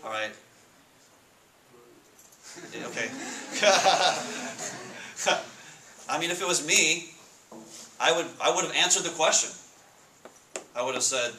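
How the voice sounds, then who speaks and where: Bright-voiced man preaching to students. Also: on the high side, lively intonation. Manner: casual, asks the room questions, reads scripture slowly. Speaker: Bible study speaker. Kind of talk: casual sermon to students. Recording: echoey room with faint noise.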